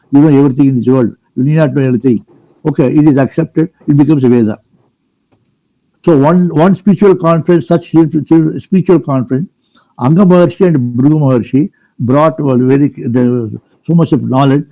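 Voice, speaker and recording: An older man from India tells a scripture story to a gathering. He rambles, restarts and poses plain questions to his listeners. His voice is mellow, and the recording sounds a little dull. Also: fairly high pitch, no room sound. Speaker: spiritual storyteller. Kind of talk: retelling a scripture story to a group.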